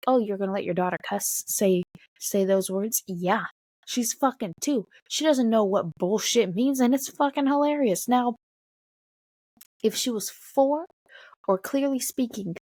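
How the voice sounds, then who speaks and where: A young woman and mother talking bluntly to camera in a casual vlog, swearing often and getting animated. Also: medium pitch, dry recording, clean studio sound. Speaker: mother of a toddler.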